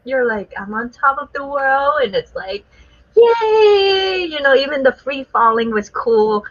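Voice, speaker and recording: A woman with a bright, somewhat high voice chats casually as a guest artist, laughing often as she tells her story. The sound is muffled and lo-fi, like a dull online call. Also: moderate pace.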